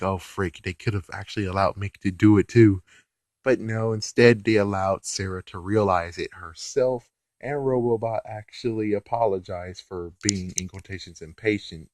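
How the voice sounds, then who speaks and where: A man's voice: fairly low pitch, moderate pace, no room sound. A man casually recapping a TV episode, rambling and exasperated, swearing now and then. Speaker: reviewer.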